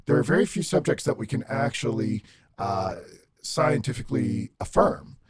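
A man speaking through a voice-disguising filter as a podcast guest, measured and articulate with formal wording. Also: mid-range voice, animated. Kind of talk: casual podcast conversation. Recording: heavy background noise.

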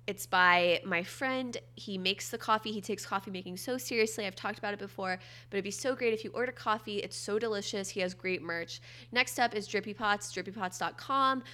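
Bright, chatty nasal woman host. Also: mid-range voice. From Florida. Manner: chatty, wry, upbeat asides. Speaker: podcast host. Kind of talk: casual solo podcast chat.

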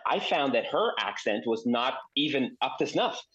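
A man on a radio panel talking animatedly and padding his points with fillers. His voice is husky and comes through a dull, muffled line. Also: medium pitch, very animated, moderate pace, fairly bright tone. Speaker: panel guest. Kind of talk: panel discussion.

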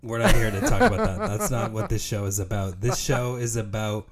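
A man's voice: fairly low pitch, expressive, a little fast, a loud crowd. A man co-hosting a tennis podcast, chatting casually and laughing often. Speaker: podcast co-host. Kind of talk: casual chat.

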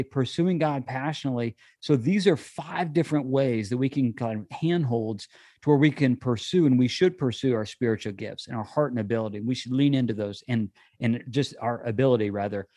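A man's voice: medium pitch, mellow, no echo, clean studio sound. A man hosting an interview, who encourages his guest and often affirms him while asking questions. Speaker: podcast host.

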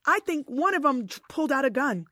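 A woman telling a personal story in casual conversation, animated and emotional, often restarting her sentences. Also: high-pitched, a little fast, no room sound, clean studio sound.

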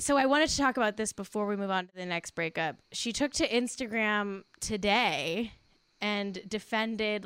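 A woman's voice: mid-range voice, a bit bright, clean tone, no echo. Dry-sounding woman gossiping playfully. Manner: playful, mock-solemn, laughing. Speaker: podcast co-host. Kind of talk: casual celebrity gossip chat.

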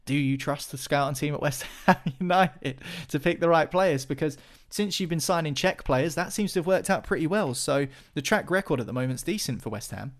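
A man with a fairly high, animated voice chats casually about football as a podcast pundit, talking briskly with hardly any pauses. He's chatty, full of restarts and fillers.

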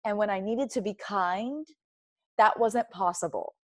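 A woman talks openly as a guest in a conversation, her voice recorded close and dry with no room sound. She is reflective and emphatic and breaks easily into laughter. Her pitch sits at a middle level for a woman. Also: a little slow, no echo. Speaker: interview guest. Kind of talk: candid personal conversation.

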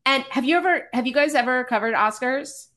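A woman, a podcast guest, telling stories in a casual, animated, self-deprecating way with many restarts. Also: high-pitched, a little fast. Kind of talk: casual storytelling.

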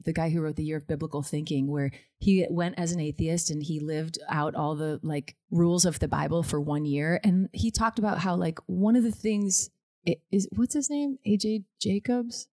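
Candid, heartfelt podcast guest, woman, low-pitched, dry recording. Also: warm tone, no room sound. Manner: candid, emotional, laughs easily. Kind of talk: candid conversational chat.

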